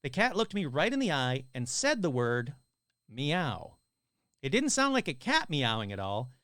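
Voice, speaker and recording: Male podcast host, slightly high voice, chatty and casual, reading listener stories, dry close sound. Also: fairly bright tone, no room sound. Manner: casual, chatty, swears and jokes between stories.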